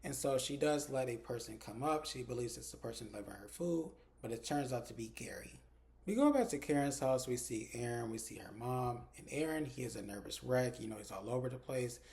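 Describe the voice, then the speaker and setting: A man's voice: mid-range voice, lively intonation, a little fast, a little mellow. A man in a casual recap vlog who retells scenes with lots of "like" and swears freely. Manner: chatty, retells dialogue with lots of "like". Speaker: TV episode reviewer.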